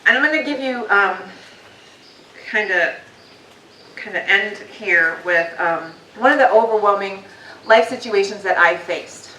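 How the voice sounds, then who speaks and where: A guest speaker's bright, forceful, medium-pitched voice comes across a little slowly as she gives a personal motivational talk to a live meeting-hall audience. She's candid and conversational, using frequent ums, and the recording is distant and roomy with faint noise.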